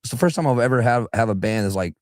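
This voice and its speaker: A man's voice: mid-range voice, expressive, racing, no echo, studio quality. A young adult man from southeastern Alabama, a singer chatting loosely as a guest on a radio show, restarting his sentences and now and then slipping into put-on voices. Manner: rambling, restarts, breaks into voices. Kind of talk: casual radio interview chat.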